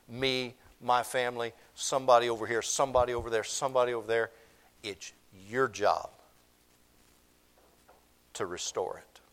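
A man's voice: mid-range voice, a bit bright. A man, preaching a sermon in church, repeating his points for emphasis. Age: 50s. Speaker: pastor.

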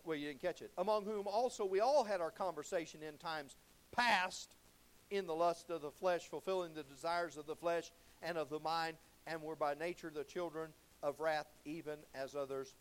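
A man preaching in a church, his voice sitting fairly high for a man. He talks in a folksy preaching style. He swings between loud cries and low, intense stretches. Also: a little hiss or hum. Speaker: pastor. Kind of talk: sermon.

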